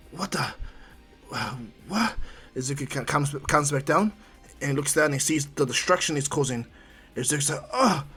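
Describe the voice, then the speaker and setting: A man's voice: on the high side, a bit bright, husky. A man improvising a fan fiction story in a rambling, conversational way.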